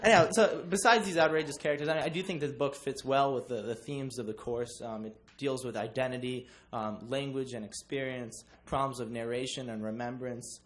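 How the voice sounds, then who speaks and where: A man's voice: medium pitch, steady tone, a little fast, hardly any pauses. A young man giving a class book presentation, joking with many ums. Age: young adult. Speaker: student presenter.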